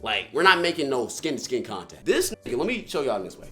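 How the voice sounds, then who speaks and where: A young man casually telling a funny story as a streamer, slangy and profane, jumping into high yelps of disbelief. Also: very animated, fast, pushed and bright, faint music behind.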